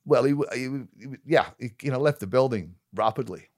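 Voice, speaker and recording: A man guest with a gravelly, rough-edged voice, speaking bluntly and cursing freely. He stumbles and repeats words as he gathers his thoughts. The sound is dry and close to the mic. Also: mid-range voice, dry recording. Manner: blunt and profane, swears freely; halting, repeats words while searching. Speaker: podcast guest, actor. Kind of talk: casual interview chat.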